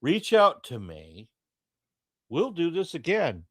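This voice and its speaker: A man's voice: a little high, wildly swooping pitch, slow, dry recording, clean studio sound. A man co-hosting a live stream, talking bluntly and emphatically, with some profanity. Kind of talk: casual debate review chat.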